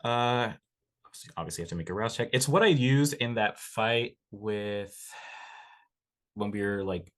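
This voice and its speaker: A man with a lowish voice plays in a tabletop role-playing game. He works out his character's actions aloud, stopping and restarting often as he thinks. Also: moderate pace. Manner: hesitant, many fillers and restarts while planning moves. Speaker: player.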